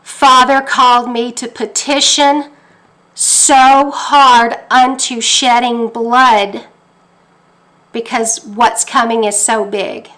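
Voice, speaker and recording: A woman from Texas recounts a personal testimony in a fervent, emotional way, quoting her own prayers aloud. Her voice sits a little high and sounds bright and forceful. She talks from her kitchen table at home. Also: fairly even intonation, takes it slowly. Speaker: faith teacher.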